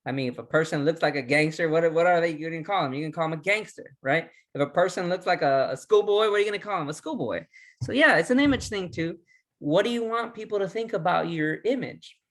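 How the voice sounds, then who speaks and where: Man coaching with rapid-fire questions. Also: fairly high pitch. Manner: energetic, repetitive questioning, restarts words. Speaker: resilience trainer. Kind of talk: recorded training lesson.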